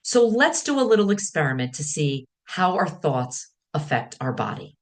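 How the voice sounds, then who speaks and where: A woman speaking as a wellness teacher, guiding listeners calmly in short, measured phrases. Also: sits low. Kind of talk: guided teaching talk.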